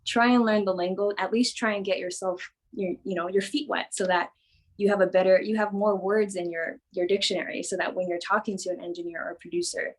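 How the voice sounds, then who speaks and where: A woman's voice: mid-range voice, fairly even intonation, fairly quick. A woman songwriter on a festival panel, talking earnestly and thinking aloud in casual conversation.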